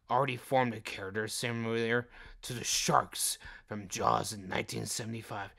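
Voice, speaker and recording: A man's voice: medium pitch, steady tone, normal speed, vocal fry, sharp tone, husky. A man hosting a movie trivia podcast, reading facts with jokey outbursts between them. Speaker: podcast host.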